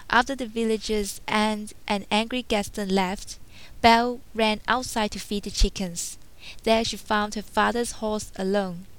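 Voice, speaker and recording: Woman storyteller reading a storybook aloud, slow and careful, smooth clear voice. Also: medium pitch.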